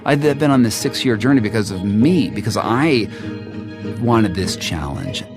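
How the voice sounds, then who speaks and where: A journalist telling his own story in the first person, halting and restarting as he animatedly recounts events. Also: fairly low pitch, expressive. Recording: music underneath.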